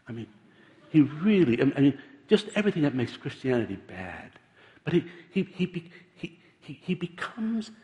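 A man preaching a sermon in an animated, emphatic way, with many repeated restarts. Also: fairly high pitch. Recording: long reverb of a large hall.

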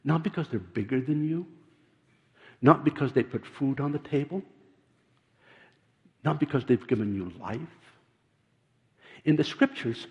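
An older man preaching with earnest, halting delivery, stumbling over repeated words. His voice rings out in a long hall reverb, and the recording sounds dull and muffled. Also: on the high side, a little mellow. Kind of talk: sermon.

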